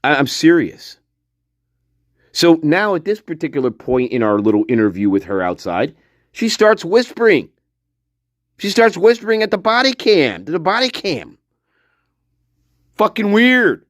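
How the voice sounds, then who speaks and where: A man's voice: a little high, very animated, a little slow, pauses often, no echo, clean studio sound. A man hosting a casual true-crime commentary video, blunt and mocking, swearing freely and chuckling between remarks.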